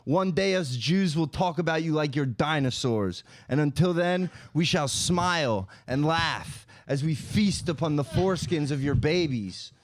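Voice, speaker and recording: A man voicing a grandiose theatrical male villain, delivering slow, menacing, melodramatic pronouncements. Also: fairly high pitch, animated, no echo.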